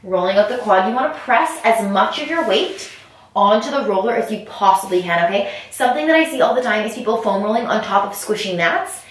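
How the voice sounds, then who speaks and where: A woman's voice: medium pitch, animated, fairly quick. Echoey, distant woman coaching foam rolling. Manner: upbeat coaching, addresses viewers as you guys. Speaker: fitness instructor. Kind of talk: instructional workout video. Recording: very echoey room, mic far off.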